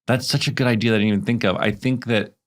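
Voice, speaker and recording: A man co-hosting a podcast, chatting casually and telling animated, rambling stories full of fillers. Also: medium pitch, rapid-fire. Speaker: podcast co-host. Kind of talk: casual chat.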